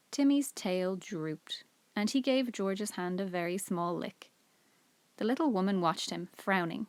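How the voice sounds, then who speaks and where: Woman, teacher, reads a children's story aloud, clear and even, dry close sound. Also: mid-range voice, a little slow, no echo. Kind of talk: reading a children's book aloud.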